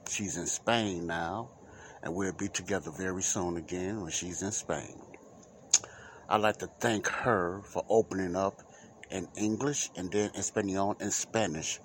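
Slow, deep-voiced man hosting a Christian podcast. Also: slight background noise. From United States. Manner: rambling, emphatic preacher-like delivery. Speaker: podcast host. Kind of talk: Christian talk podcast monologue.

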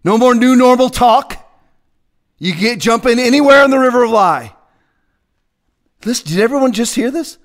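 A man preaching as a pastor in a fiery, confrontational rant, swinging between shouting and hushed asides. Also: extremely high pitch, expressive, moderate pace, pauses often.

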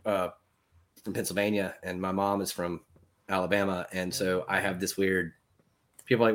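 A man's voice: low-pitched, little pitch movement, moderate pace, long pauses, a bit bright. A man co-hosting a casual chat show over a video call, friendly and agreeable.

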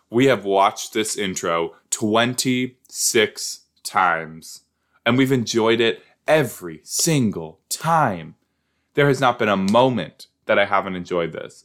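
Man, low voice, slow unhurried pace, excitable, joking, sudden high squeals, casual reaction commentary. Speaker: host reacting to a TV episode.

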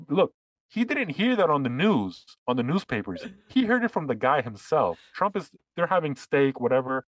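A man's voice: a little high, normal speed, dry recording. A man co-hosting a casual political podcast, telling stories and acting out what others said. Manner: animated storyteller, acts out quotes. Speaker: podcast co-host.

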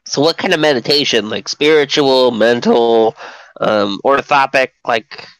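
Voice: medium pitch, unhurried, clean tone, no room sound. A player in a tabletop game, joking and rambling.

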